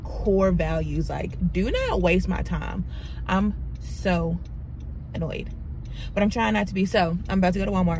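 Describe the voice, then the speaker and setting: A woman's voice: medium pitch, noisy background. A woman in her twenties, a lifestyle vlogger, chatting casually and venting in slangy talk full of fillers. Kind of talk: casual vlog chat.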